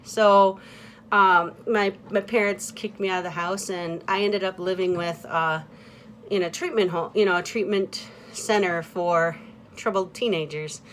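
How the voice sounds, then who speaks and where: A woman vlogging in a casual confessional monologue, talking in a candid, halting way with many fillers and restarts and often trailing off quietly. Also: lowish voice, fairly even intonation, a little hiss or hum.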